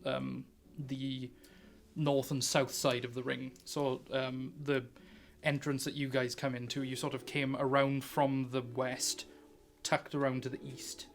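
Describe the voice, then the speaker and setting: A man's voice: medium pitch, level tone, measured pace. A man running a tabletop game, narrating in a rambling way and laughing often. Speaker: game master.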